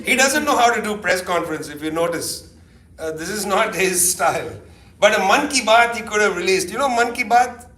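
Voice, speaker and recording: In an echoey hall, recorded from a distance, a middle-aged keynote speaker lectures conversationally in a high voice at a normal pace. He's animated and sardonic, dropping asides throughout.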